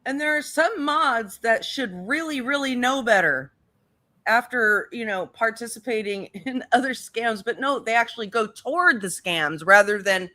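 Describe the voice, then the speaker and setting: A woman's voice: fairly high pitch, expressive, normal speed, pushed and bright. A woman co-hosting a casual commentary chat, emphatic, repeating phrases and swearing. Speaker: co-host.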